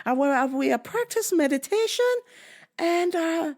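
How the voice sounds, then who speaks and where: A woman voicing a pushy older woman who sells massages in halting, broken English. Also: extremely high pitch, expressive, a little mellow, voice pushed up.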